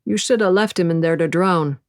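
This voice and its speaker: A woman's voice: lowish voice, a little fast, dry recording, clean studio sound, natural voice. A woman voicing an older male fisherman who is boozy, blunt and expansive. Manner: expansive, teasing.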